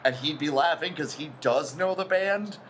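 A man's voice: a little high, moderate pace, a bit bright, a little hiss or hum, low-quality recording. A man co-hosting a casual podcast, teasing and joking, often laughing as he talks. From grew up on a reservation. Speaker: regular co-host.

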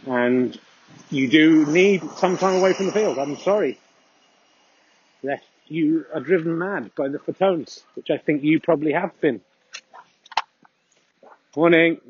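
A man's voice: fairly high pitch, a little slow, long pauses, lo-fi sound, slight background noise. Rambling man walking his dog outdoors. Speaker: podcast host. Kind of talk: casual walking monologue.

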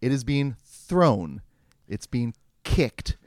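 A man in a casual film discussion, speaking in a wry, measured way and laughing along. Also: mid-range voice, sing-song, darkish tone, dry recording, studio quality. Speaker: podcast co-host discussing a film.

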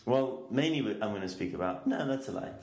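A man's voice: medium pitch, lively intonation, quick pace, darkish tone, reverberant. A man with an English accent co-hosting a podcast, chatting casually and explaining stories at length. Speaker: podcast co-host. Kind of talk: casual chat.

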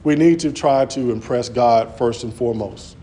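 A man's voice: medium pitch, moderate pace, warm tone, slight background noise. A man preaching an earnest sermon, often restarting his words as he presses his points. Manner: earnest, repetitive, stammering restarts.

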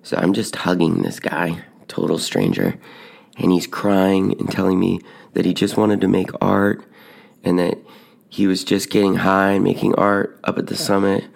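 A man casually telling a personal story on a podcast, building suspense with hushed moments. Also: low voice, moderate pace, creaky. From Tucson, Arizona. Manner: animated, drops to hushed whispers at dramatic moments. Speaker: podcast host telling stories.

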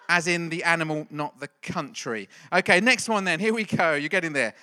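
A man's voice: fairly high pitch, moderate pace, few pauses, sharp tone. A middle-aged male pastor giving a playful, jokey church talk and quizzing the congregation. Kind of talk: lively church talk with a quiz.

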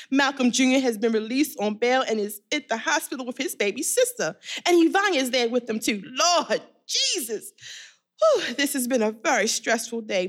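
A woman voicing a dramatic, demanding pastor's wife in an audio drama, talking theatrically. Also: fairly bright tone. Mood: anxious. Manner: theatrical, demanding, swoops in pitch.

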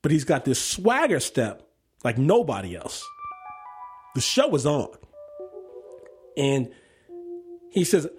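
A man's voice: a little high, big pitch swings, slow pace, long pauses, darkish tone, soft background music. A man hosting a radio story show and telling a vivid, dramatic personal story. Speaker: host and storyteller.

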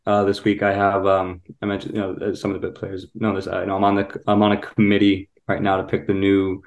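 A man's voice: sits low, completely flat delivery, fast, lo-fi sound. A man comedian on a podcast over a video call, rambling about his busy week with dry self-mockery. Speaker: comedian guest. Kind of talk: casual chat.

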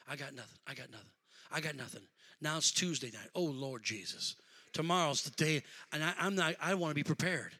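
A man preaches with a high, piercing, bright voice. He tells his story in a quiet, hushed way, then builds to forceful shouting. It is a lively sermon delivered from the pulpit. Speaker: pastor.

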